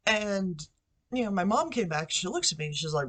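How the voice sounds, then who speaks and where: Vlogging into a computer mic in her bedroom at home, this woman talks briskly, her fairly low voice bright with lively intonation. Her story comes out rambling and chatty, full of fillers and asides.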